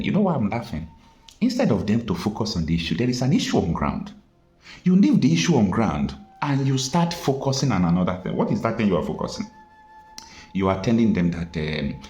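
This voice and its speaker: Nigerian male commentator, impassioned rant, low dark voice that swings widely, roomy echo, faint music bed. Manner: animated, emphatic, rhetorical questions. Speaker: political commentator.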